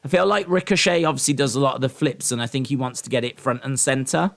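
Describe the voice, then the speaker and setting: A man's voice: medium pitch, fast, vocal fry, fairly bright tone. A man hosting a casual live stream, talking in a rambling, opinionated way with lots of ums and restarts. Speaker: live-stream host reacting to wrestling and boxing.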